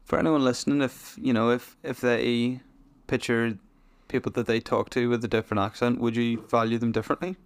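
A young man, co-hosting a podcast in easygoing, halting chat. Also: mid-range voice, little pitch movement, clean tone. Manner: easygoing, hesitant, restarts a lot. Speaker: podcast co-host. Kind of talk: casual chat.

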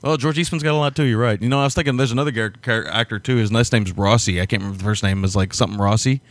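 A man co-hosting a casual film podcast, talking quickly and rambling, with frequent laughs. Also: fairly low pitch. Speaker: podcast co-host.

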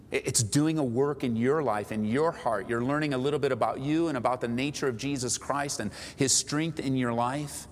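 Man, pastor, preaching, mid pitch, emphatic rising pleas, echoing church hall. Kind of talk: sermon. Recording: long hall reverb, faint background noise.

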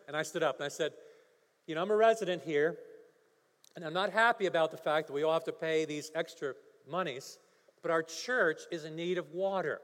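A man's voice: fairly high pitch, a little fast. A male pastor preaching a sermon, telling a story and building to emphatic preaching. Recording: long hall reverb.

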